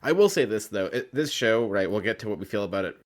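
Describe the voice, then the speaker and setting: A man co-hosting a podcast, talking in an animated, jokey way. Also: on the low side, fast talker. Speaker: podcast co-host. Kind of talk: casual chat.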